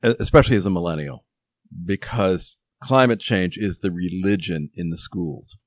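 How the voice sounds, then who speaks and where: A man's voice: low-pitched, normal speed, no echo. A man hosting a podcast, telling rambling anecdotes and repeating words as he goes. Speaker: podcast host. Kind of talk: conversational interview.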